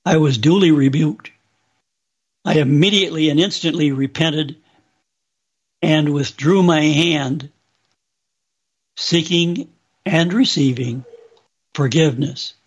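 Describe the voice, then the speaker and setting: A man slowly and solemnly recounting a religious vision as testimony. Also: a little high, slightly rough. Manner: slow, deliberate, solemn. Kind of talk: slow spoken testimony.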